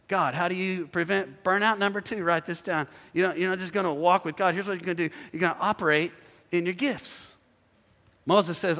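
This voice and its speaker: High bright gravelly guy preaching a sermon, calls on the crowd to answer back, big echoey church hall. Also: animated, moderate pace. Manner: preaching to a congregation, calls for responses. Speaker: pastor.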